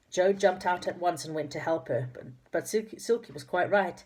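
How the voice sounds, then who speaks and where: A woman's voice: on the low side, normal speed, few pauses, a little mellow. A woman reading a children's storybook aloud, with occasional slips and corrections. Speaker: narrator.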